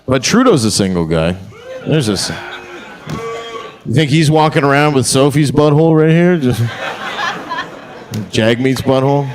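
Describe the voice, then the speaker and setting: A male stand-up comedian working a club stage. His delivery is brash and crude, in a middle-pitched voice. A faint hiss of noise sits under the recording. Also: expressive, a little slow, pauses often, a crowd in the background. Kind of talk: stand-up set.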